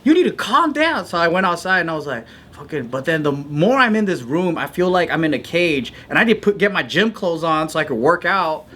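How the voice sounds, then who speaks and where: A man's voice: on the high side, lively intonation, brisk, hardly any pauses, bright, forceful tone. A man co-hosting a comedy podcast, telling a rambling, self-mocking story in casual chat and swearing often. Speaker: podcast co-host.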